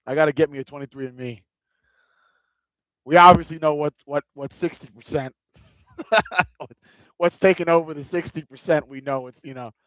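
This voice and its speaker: A man's voice: mid-range voice, fairly bright tone, dry recording. A man hosting a live fight watch-along, chatting casually and joking with loose, rambling restarts. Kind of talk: casual live-stream chat.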